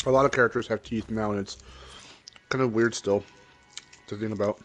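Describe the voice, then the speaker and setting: A man's voice: lowish voice, steady tone, brisk, a bit bright, soft background music. A young man hosting a casual gaming stream, joking, rambling and laughing often as he chats. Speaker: streamer and host.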